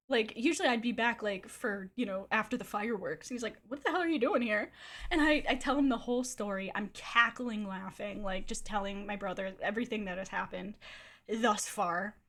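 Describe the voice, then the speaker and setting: A woman streamer telling a wild personal story in a casual, animated way, swearing freely and laughing often. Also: on the high side.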